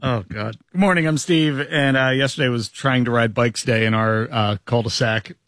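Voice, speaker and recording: A man's voice: mid-range voice, normal speed, a bit bright, dry recording, studio quality. A man co-hosting a morning radio show, telling a chatty anecdote. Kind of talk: casual chat.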